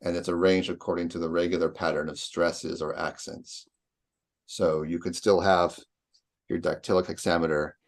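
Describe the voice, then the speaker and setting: A man's voice: low voice, little pitch movement, normal speed. A man lecturing patiently on poetry, sounding out rhythms aloud as he explains.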